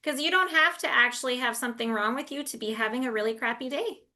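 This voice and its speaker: A middle-aged woman speaking as a guest in a casual interview, animated and emphatic, with quick bursts. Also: high-pitched.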